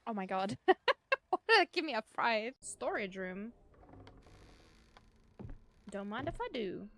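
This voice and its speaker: Woman streamer, slightly high voice, loose casual chat with viewers, lots of swearing. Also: very animated, slow, long pauses, a bit bright. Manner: chatty, swears freely, laughs often. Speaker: game streamer.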